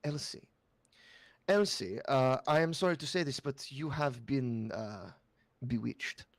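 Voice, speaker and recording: An awkward, bookish scholar of magic, played by a man, fussing through formal, stilted sentences. His voice has a gravelly edge and sounds close and dry in this tabletop role-play. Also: mid-range voice, a little slow, no echo, lightly acted. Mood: fussy. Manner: formal, fussy, stilted phrasing.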